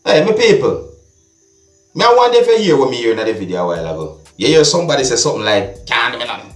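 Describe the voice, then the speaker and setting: A Jamaican-accented man talks through a viral clip in a relaxed vlog style, often checking in with the listener through tag questions. His voice sits at an ordinary middle pitch. It rings in an echoey room, with faint music underneath. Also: fast talker. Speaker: vlogger commenting on a viral clip. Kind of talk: casual video commentary.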